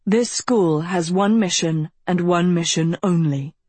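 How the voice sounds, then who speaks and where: A woman voicing a calm, sensible male professor who speaks in a measured, authoritative way, close to her own voice. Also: lowish voice, breathy edge, no echo. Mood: grave.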